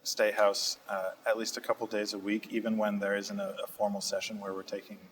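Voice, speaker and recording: A young man speaks in a low, fairly flat voice. He answers interview questions steadily and thoughtfully, stopping often on "uh" as he picks his words. He is being interviewed in a community TV studio. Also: a little fast, poor audio. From Massachusetts. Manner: steady, thoughtful, frequent "uh" fillers. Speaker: state representative guest.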